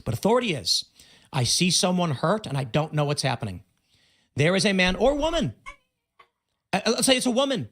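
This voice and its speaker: A man's voice: high voice, big pitch swings, fairly quick, long pauses, fairly bright tone. A man hosting a livestream, giving unscripted commentary in an emphatic storytelling way, acting out what people said and repeating words for stress. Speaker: livestream host.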